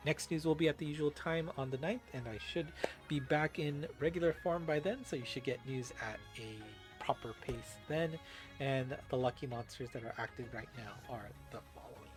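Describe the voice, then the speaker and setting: A man's voice: medium pitch, moderate pace. A man hosting a casual game news recap, chatty with many filler words, over faint background music.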